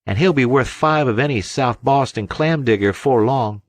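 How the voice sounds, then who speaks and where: A cheeky teenage boy from a fishing schooner teases the crew in a quick, raised voice, as a man reads him. The sound is dry and close. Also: medium pitch, dry recording, pitched above the performer's own voice, lightly acted.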